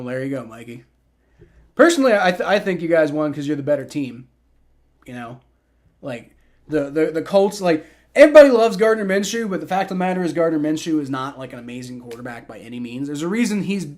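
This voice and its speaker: Here the same kind of young host speaks briskly and expressively, his pitch fairly high. He's a man in his twenties running a livestream, rambling between play-by-play and casual replies to chat, with plenty of fillers and repetition.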